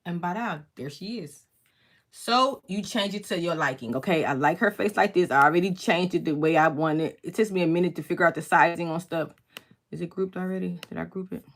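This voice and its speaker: A woman teaching a crafting tutorial in a casual, fast-talking way, often checking in with the viewer by asking "okay?" as she walks through each step from her home craft workspace. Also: lowish voice. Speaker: crafting instructor. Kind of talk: casual screen-share tutorial.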